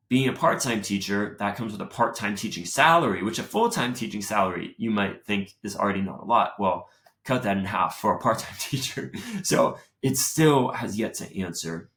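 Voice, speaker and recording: A young man with a fairly low voice hosts his own show in casual, chatty talk. He keeps it animated and plays out what went through his head. The sound is roomy and echoey. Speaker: show host. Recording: roomy echo.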